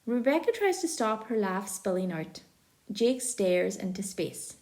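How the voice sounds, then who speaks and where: A woman reads an audiobook in the first person. Her storytelling is lively, her pitch rising and falling freely. The tone is warm and mellow. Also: measured pace. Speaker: audiobook narrator.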